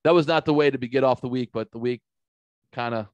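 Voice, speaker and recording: A man's voice: medium pitch, fast, a little mellow, clear, resonant tone, no echo, muffled recording. A middle-aged man from the St. Louis area, hosting a podcast and telling a story in casual, profanity-filled chat. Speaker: podcast host.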